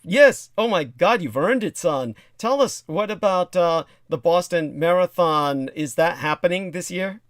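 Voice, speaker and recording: Crude-joking host with a fairly high voice. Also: male voice, animated, measured pace, hardly any pauses, dry recording, studio quality. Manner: blunt, crude jokes, eager interjections. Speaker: livestream host. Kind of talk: casual chat.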